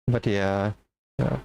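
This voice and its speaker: A man's voice: fairly low pitch, gravelly, warm tone, dry recording, highs cut off. A man streaming live, chatting casually and playfully with his viewers. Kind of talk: casual livestream chat.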